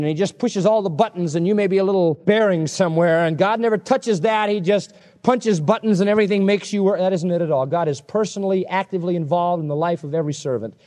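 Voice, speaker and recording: Brief: male preacher, high-pitched, animated and emphatic, chatty sermon delivery. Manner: animated, emphatic, conversational storytelling. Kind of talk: expository sermon.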